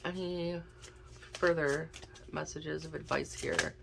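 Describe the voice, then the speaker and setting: A woman's voice: deep voice, steady tone, slow pace, gravelly, noisy background. A woman giving a casual tarot and oracle card reading, chatting and thinking aloud as she draws cards. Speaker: intuitive card reader.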